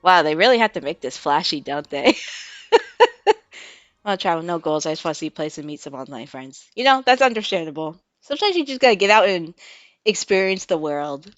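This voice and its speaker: A woman from the United States chatting casually on a live stream, full of "like" and "um", breaking into excited squeals, laughs and swearing. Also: on the low side, fairly quick, no room sound, highs cut off. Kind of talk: casual live-stream chat and trailer reaction.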